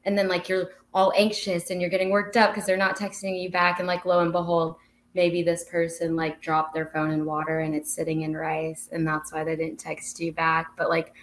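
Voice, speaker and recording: A woman's voice: on the low side, completely flat delivery, normal speed, slight background noise. A young woman co-hosting a casual podcast, talking things through reflectively with many fillers. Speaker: podcast co-host. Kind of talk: casual chat.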